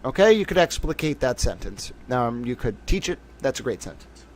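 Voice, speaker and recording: A man doing casual livestream commentary on court cases, rambling and animated, swearing freely with sudden bursts of excitement. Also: mid-range voice, moderate pace, slight background noise.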